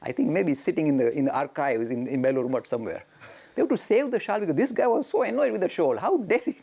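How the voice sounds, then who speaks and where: Gravelly man telling a lively story. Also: medium pitch. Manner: animated, chuckling, rhetorical questions. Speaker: religious teacher. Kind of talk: storytelling lecture.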